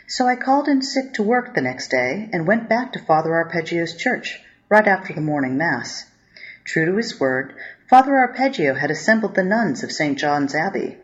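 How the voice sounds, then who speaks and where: A woman reading a first-person story aloud with a wry, deadpan manner. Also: sits low. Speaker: narrator. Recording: dull lo-fi audio.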